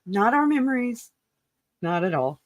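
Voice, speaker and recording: A woman giving an emotional personal account of a family loss, halting and restarting, earnest and raw, with casual swearing. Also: a little high, very animated, no echo, studio quality. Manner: halting, full of restarts and self-corrections. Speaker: grieving relative.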